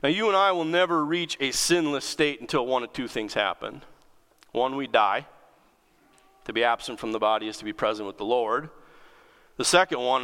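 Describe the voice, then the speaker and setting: A man's voice: mid-range voice, pushed and bright. A man preaching a sermon in a conversational, storytelling way, reading scripture aloud. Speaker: pastor. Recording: long reverb of a large hall.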